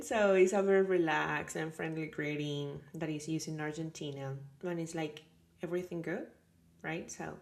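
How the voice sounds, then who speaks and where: A woman from Colombia with a Colombian Caribbean Spanish accent teaches a relaxed language lesson. She talks at an unhurried pace with a gravelly edge to her voice. She is chatty and repeats her example phrases. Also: medium pitch.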